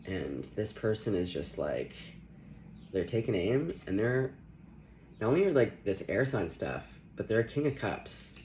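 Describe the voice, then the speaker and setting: A man's voice: lowish voice, very animated, a little slow, darkish tone, slight background noise. A young man giving a casual, playful tarot reading, often laughing as he talks. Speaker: tarot reader.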